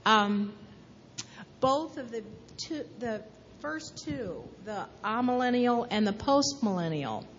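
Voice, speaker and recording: A woman's voice: fairly high pitch, expressive, slow pace, in a large hall, dull audio, a little hiss or hum. A woman in a class asking a question and sharing her view thoughtfully, with some restarts and fillers.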